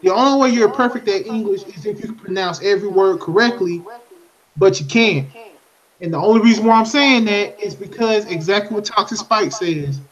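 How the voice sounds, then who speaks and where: A man's voice: sits high, normal speed. A man co-hosting a casual podcast, talking earnestly and musing aloud, often restarting his thoughts. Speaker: podcast co-host. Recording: dull lo-fi podcast mic.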